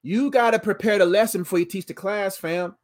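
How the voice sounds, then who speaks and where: A man giving a casual motivational sermon, animated and playful, repeating phrases and calling the audience fam. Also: high-pitched, brisk.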